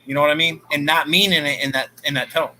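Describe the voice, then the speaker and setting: A man's voice: fairly high pitch, fairly even intonation, fast talker, bright, forceful tone, slight background noise, rough recording. An American man chatting on a podcast in a jokey, colloquial way. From United States. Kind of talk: casual chat.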